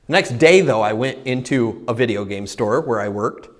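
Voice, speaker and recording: A man preaching a sermon, telling his own conversion story with animated delivery and quick restarts. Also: mid-range voice. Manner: animated storytelling, acting out his own past panic and excitement; frequent self-interruptions and quick restarts. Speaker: pastor. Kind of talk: sermon with personal testimony.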